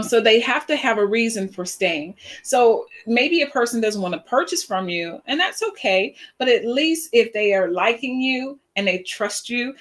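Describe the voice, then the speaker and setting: A woman in her fifties talking casually to her followers on a live stream, telling stories with animation and laughing easily. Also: mid-range voice. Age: 50s. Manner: animated storytelling, acts out quoted voices; chatty with fillers and laughs. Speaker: social media coach.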